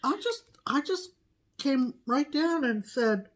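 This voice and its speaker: A woman's voice: high-pitched, expressive, takes it slowly. A woman co-hosting a casual chat, gushing and repeating her praise. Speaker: co-host.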